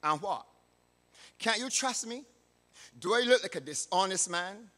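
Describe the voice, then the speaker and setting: A man's voice: fairly high pitch, very animated, unhurried, sharp tone, full character voice. A man reading the part of a hungry, lost hunter who coaxes a boy, in a reverberant hall. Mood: coaxing. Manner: coaxing, then indignant. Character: hungry, scheming nobleman posing as hunter.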